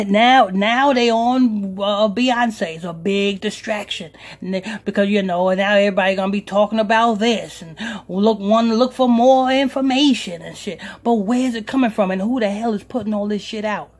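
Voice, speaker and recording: A man's voice: sits high, normal speed. A man hosting a talk radio show as pastor, ranting emphatically with profanity.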